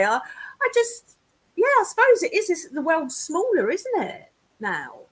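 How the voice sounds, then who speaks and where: A woman's voice: extremely high pitch, sing-song, measured pace, a bit bright. A woman from England, a guest psychic medium chatting casually over a video call, laughing often and self-deprecating.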